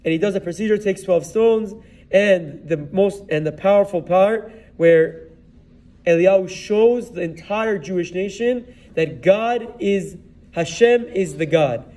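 A rabbi with a high voice retells a Bible story as a sermon, weaving Hebrew words and verses into his English telling. His voice is picked up from some distance from the microphone. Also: measured pace, warm tone. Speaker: rabbi giving a Torah talk.

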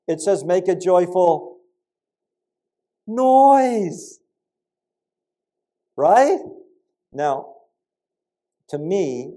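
An older man preaching a sermon, telling stories in an animated way with sudden loud peaks and quiet asides. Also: on the high side.

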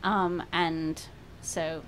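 A young adult female author answers Q&A questions at an outdoor bookshop event, chatty and self-deprecating with many fillers, her accent a transatlantic mix of British and American. Her voice is deep, flat and a bit bright, words drawn out, with light background noise.

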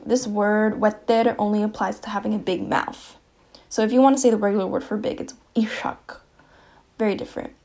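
A woman giving a casual slideshow lesson, saying each example word twice, with fillers and quick self-corrections. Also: on the high side, warm tone. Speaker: presenter explaining languages.

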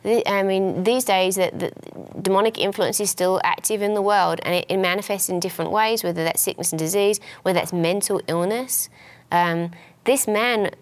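A woman's voice: mid-range voice, steady tone, moderate pace. A woman co-hosting a ministry program, explaining a Bible passage in an earnest conversational teaching style. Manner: earnest, explanatory, many small restarts. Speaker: minister and co-host.

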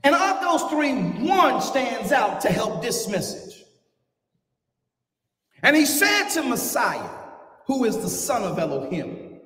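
High-voiced preacher in an echoey hall. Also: male voice. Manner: animated preaching, swinging from quiet asides to shouted climaxes. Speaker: pastor. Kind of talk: sermon. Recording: echoey church hall, mic from far off.

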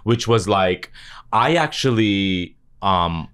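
A man from Canada, a guest actor in a casual podcast conversation, talking in an earnest, animated way and often restarting sentences. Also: lowish voice, slow pace, clear, resonant tone.

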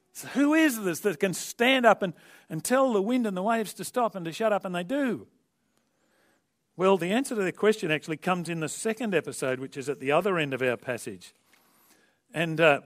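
Guy preaching, animated storyteller, bit high voice, goes quiet then loud, chats to the congregation. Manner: animated storytelling with wide swings in loudness and emphasis; conversational asides to the congregation. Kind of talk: sermon.

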